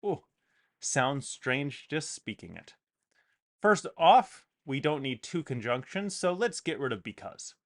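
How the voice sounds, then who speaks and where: A man's voice: medium pitch, very animated, slow, fairly bright tone. A man teaching an English lesson, explaining grammar and reading example sentences aloud with emphasis.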